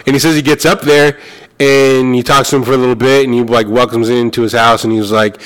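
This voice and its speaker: A young adult man telling a story in casual chat, animated and swearing, acting out the other people's lines. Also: medium pitch, quick pace.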